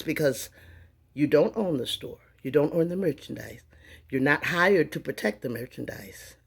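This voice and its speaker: A woman in her fifties recounts a story in a casual vlog, slipping into the voices of the people she describes. Her voice is husky with a gravelly edge. Her pitch rises and falls a great deal as she goes. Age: 50s. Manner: animated, acts out dialogue in voices. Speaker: vlogger.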